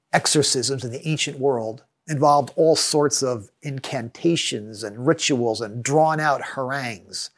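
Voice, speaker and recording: A male pastor delivers a sermon in a measured, earnest way. His voice sits a little higher than most men's. He slows down to stress key words. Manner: measured, earnest preaching with reading aloud from scripture.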